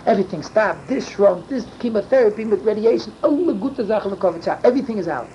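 An older man telling a rambling story at a fast clip, often rising into emphatic near-yelling. His speech is peppered with Yiddish and Hebrew words. The recording is dull and lo-fi, with loud background noise. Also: high voice, lively intonation. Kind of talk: animated storytelling.

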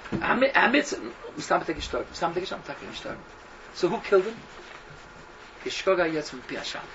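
A man's voice: high voice, a bit bright, highs cut off, slight background noise. A man, a rabbi, giving a Talmud lecture full of Yiddish and Hebrew terms, acting out the characters' questions as he tells the story. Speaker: rabbi teaching a class.

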